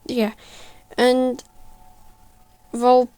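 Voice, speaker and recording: A woman casually narrating a speedpaint video, halting and stuttering, correcting herself as she goes, and sounding tired. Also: a little high, little pitch movement, dark tone, clear, resonant tone. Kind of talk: casual voice-over storytelling.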